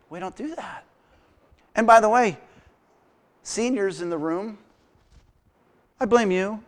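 A middle-aged man preaching a sermon as pastor, animated and humorous, acting out quotes as he tells stories. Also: high-pitched, slow pace, long pauses.

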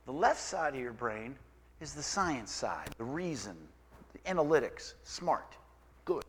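A man preaching a sermon as pastor, conversational and emphatic, with quick asides. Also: mid-range voice, sing-song, husky.

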